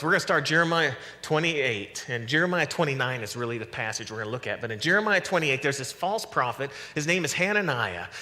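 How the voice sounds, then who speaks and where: A man preaching a sermon as pastor, animated and conversational, acting out quoted voices as he goes. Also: medium pitch, big-room sound. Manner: animated preaching, acts out voices of God and the prophets. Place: church sanctuary.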